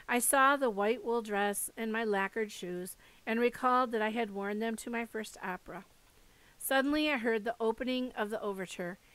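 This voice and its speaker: A woman's voice: mid-range voice, a bit bright, low-quality recording. A woman reading a first-person novel aloud, expressively voicing the dialogue. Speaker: audiobook reader. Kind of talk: first-person book narration.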